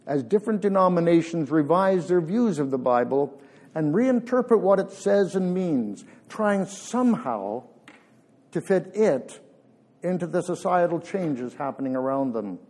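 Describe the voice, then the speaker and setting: Man preaching a sermon, mellow voice. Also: fairly high pitch. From Canada. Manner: earnest, measured preaching with emphatic pauses. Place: church.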